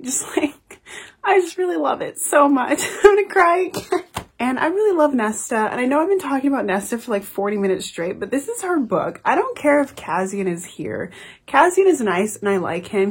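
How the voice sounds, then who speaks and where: A woman's voice: on the low side, slightly rough. A young woman talking casually about a book she loves, gushing and emotional, swearing freely. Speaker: book reviewer. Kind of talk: casual book review chat.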